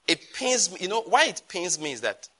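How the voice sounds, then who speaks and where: A pastor delivers an emphatic, animated sermon. His voice sits a little high for a man and sounds bright and forceful. He repeats words for stress and throws in quick asides.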